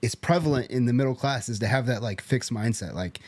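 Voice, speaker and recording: A man's voice: mid-range voice, fairly quick, darkish tone, no echo. A man joining a casual podcast chat as a guest, chiming in playfully.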